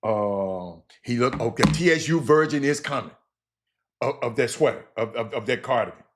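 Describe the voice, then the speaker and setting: A man's voice: medium pitch, normal speed. A man hosting a show in loose casual chat, laughing often and repeating words as he talks up clothing. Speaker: show host.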